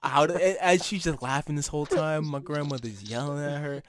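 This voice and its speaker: Animated, laughing young man telling stories. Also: fairly high pitch, brisk. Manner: animated storytelling, swears often, laughs a lot. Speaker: podcast co-host. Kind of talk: casual podcast chat.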